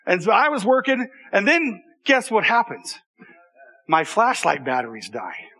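A man with a high, bright, husky voice tells a personal story to an audience at a measured pace. He is animated and conversational, restarting often and throwing in asides to listeners.

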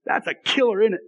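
A man's voice: high-pitched, husky, muffled recording. A man in his thirties, a pastor giving a conversational, self-deprecating sermon with frequent asides to the congregation.

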